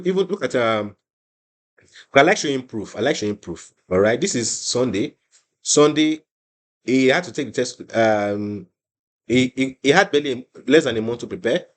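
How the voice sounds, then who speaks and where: Emphatic man teaching an exam class. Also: medium pitch. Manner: emphatic, repeats phrases, many restarts. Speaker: IELTS tutor.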